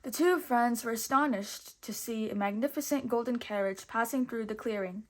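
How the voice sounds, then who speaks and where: A woman teacher reading a storybook aloud slowly and carefully. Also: fairly high pitch.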